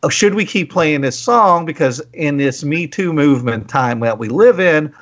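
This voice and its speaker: A man hosting a casual radio talk show who tells stories in an animated way and slips into quoted voices. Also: fairly high pitch, moderate pace, lo-fi sound.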